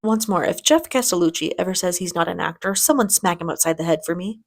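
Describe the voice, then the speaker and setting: A woman's voice: lowish voice, fast talker. A woman hosting a reaction video, giving casual commentary in a chatty, enthusiastic way with frequent restarts.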